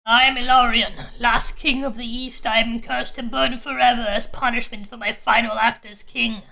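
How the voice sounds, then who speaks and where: A woman voicing a vengeful fire demon, the cursed ghost of a dead king, speaking slowly and gravely. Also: on the high side, level tone, pushed and bright, voice pushed down, poor audio. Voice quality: slow, grave, solemn.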